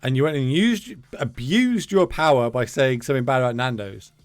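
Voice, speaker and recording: A man's voice: mid-range voice, moderate pace, no room sound. A man streaming a card game, chatting casually with his viewers, joking and swearing.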